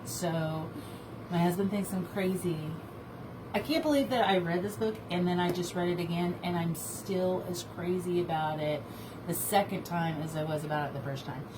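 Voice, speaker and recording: A woman's voice: lowish voice, normal speed. Gushing woman co-hosting a book chat. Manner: gushing, excitable, laughs and trails off. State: feverish. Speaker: book review co-host. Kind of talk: casual chat. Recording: noisy home recording.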